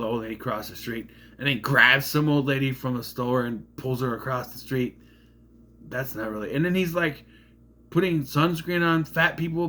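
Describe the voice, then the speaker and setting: A man's voice: medium pitch, pushed and bright, a little hiss or hum. A man giving a casual, rambling film review, sarcastic and often tripping over names. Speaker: movie reviewer.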